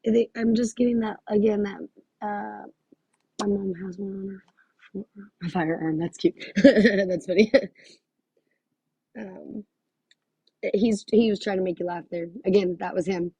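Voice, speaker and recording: A woman's voice: mid-range voice, measured pace, pauses often, warm tone, breathy edge, no room sound, dull audio. A woman working as a psychic medium, talking through a live reading in a gushing, exclamatory way and thinking aloud with many fillers.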